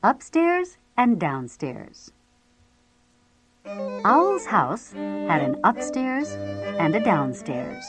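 A woman reading a children's picture book aloud in a slow, expressive storytelling manner, with violin music playing underneath. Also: fairly low pitch. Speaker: storybook reader.

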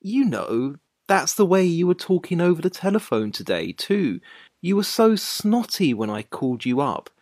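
A woman's voice: on the low side, sing-song, moderate pace, a little mellow, dry recording, studio quality. A woman voicing an anxious young man who pleads and grows exasperated in a dramatized story. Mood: pleading. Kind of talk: dramatized short story reading.

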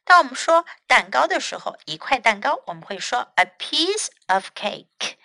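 Bright-voiced woman teaching kids English. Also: a little high, sing-song, normal speed, no echo. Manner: gentle, explaining to children. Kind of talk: children's story lesson.

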